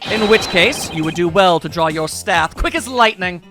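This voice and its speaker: A man voicing a cold, menacing male prosecutor with a swordsman's air, speaking slowly and dryly, with game music behind. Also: sits high, natural voice. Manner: slow, dry, menacing.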